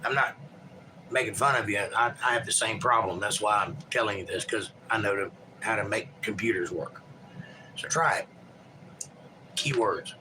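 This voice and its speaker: A man's voice: lowish voice, moderate pace, pauses often, noisy background. A man hosting a livestream, reading viewer chat aloud and chatting in a rambling, folksy, joking way.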